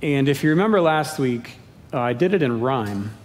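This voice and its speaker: A man's voice: lively intonation, normal speed. A man preaching a sermon as pastor, with playful, self-deprecating humor. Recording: echoey hall with faint rumble.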